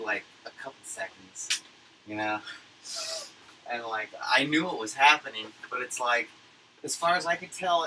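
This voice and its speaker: Bright-voiced rambling, cursing man. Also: mid-range voice, slight background noise, poor audio. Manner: rambling, profane, filler-heavy. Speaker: livestreamer recapping a conference. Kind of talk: casual rambling monologue.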